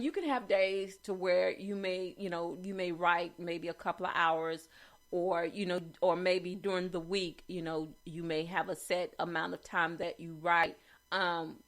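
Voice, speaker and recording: A woman's voice: lowish voice, fairly bright tone. A woman talking casually through writing quotes, with many fillers and restarts and asking "okay?" often. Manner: chatty, frequent fillers and restarts, asks okay. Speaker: host reviewing writing quotes. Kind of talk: casual commentary reading quotes.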